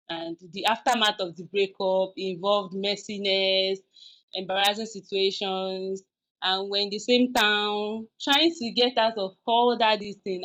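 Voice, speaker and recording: A woman's voice: mid-range voice, fairly bright tone, highs cut off. Frank, chatty woman podcast host. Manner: frank, confessional, with many restarts and fillers. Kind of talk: casual advice talk.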